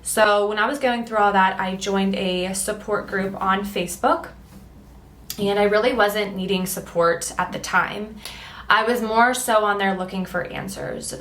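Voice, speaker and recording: A young woman vlogging her personal testimony, earnest and emotional, acting out what she and others said. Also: medium pitch. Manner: earnest and emotional, quotes herself and others in lively voices. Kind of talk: personal storytelling. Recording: echoey room.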